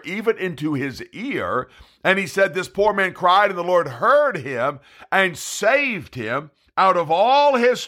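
A man's voice: on the high side, sharp tone. A man preaching a Bible study sermon, reading scripture aloud with emphasis. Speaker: evangelist preacher.

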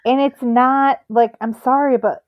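A woman's voice: sits high, steady tone, measured pace, no echo, highs cut off. A woman co-hosting a podcast in casual chat, thoughtful and opinionated. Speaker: podcast co-host.

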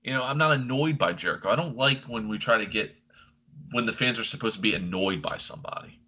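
Animated bright-voiced man ranting. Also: medium pitch, fast talker, breathy edge, low-quality recording. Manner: animated, opinionated ranting with filler words. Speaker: podcast co-host. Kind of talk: casual chat.

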